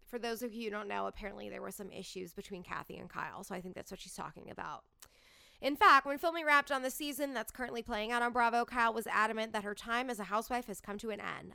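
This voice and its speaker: A young adult woman hosting a podcast, chatting casually and full of fillers and quick asides. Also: mid-range voice, vocal fry, sharp tone, clear, resonant tone. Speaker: podcast host. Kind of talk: casual chat, reality TV gossip.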